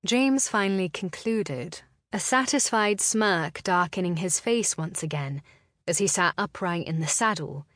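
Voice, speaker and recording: A woman narrating a romance novel in a calm, deliberate storytelling voice. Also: mid-range voice, no echo, clean studio sound. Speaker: audiobook narrator. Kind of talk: scripted narration.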